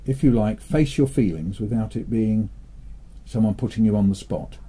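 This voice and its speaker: In a relaxed interview full of joke-telling, an older English children's author chats in a dry, playful way and slips into animated storytelling. His voice is very dark and mellow with a husky edge, pitched a little low.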